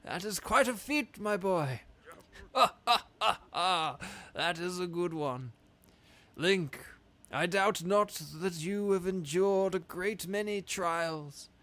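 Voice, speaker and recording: A man voicing a pompous old fish king in a video game, speaking in grand, drawn-out phrases with a Trump-like rhythm. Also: high voice, a bit bright, pitched above the performer's own voice. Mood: jovial. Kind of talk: voicing game dialogue aloud on a stream.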